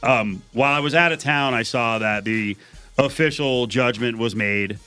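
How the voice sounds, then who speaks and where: A man hosting a radio show, chatting in a lively, excitable way. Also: medium pitch, normal speed, smooth, faint music behind. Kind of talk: casual chat.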